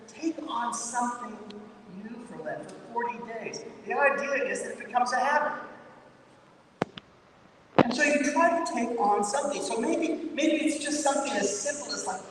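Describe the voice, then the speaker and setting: A pastor with a high voice preaches to his church in a loose, chatty way, circling back on his words. The sound is taken from far off and rings through a large, echoing sanctuary. A faint rumble runs underneath. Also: lively intonation, normal speed. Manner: conversational, repeats himself, lots of "you know" and "maybe". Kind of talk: sermon.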